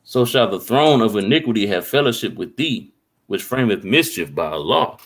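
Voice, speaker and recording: A lower-voiced man preaching in a casual street style. He reads scripture verses slowly and fills the gaps with questions like "right?" to his listeners. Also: lively intonation, fairly bright tone. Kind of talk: preaching and reading scripture aloud.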